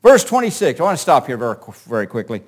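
A man preaching a sermon, reading scripture verses aloud and explaining them in an animated way, often repeating words as he restarts. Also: mid-range voice, quick pace.

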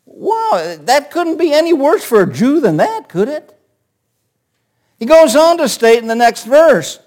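A man preaching a sermon, asking his listeners rhetorical questions and swinging from quiet asides to forceful declarations. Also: very high-pitched, wildly swooping pitch, measured pace. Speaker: pastor.

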